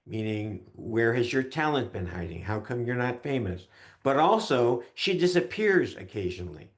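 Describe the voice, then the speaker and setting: A man teaching an online class in a chatty way, often pausing with fillers. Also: mid-range voice, sing-song. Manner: chatty, with many fillers and hesitations.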